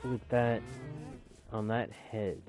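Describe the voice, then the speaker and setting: Speaking slowly in a steady, lowish voice, a channel host streams a game live and jokes around casually with viewers and with the game. The recording quality is rough.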